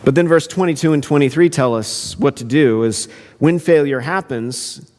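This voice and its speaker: Guy preaching, kinda high voice, talks casual and earnest, long echo in the hall. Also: moderate pace, darkish tone. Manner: conversational, earnest, self-interrupting. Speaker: pastor. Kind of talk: sermon.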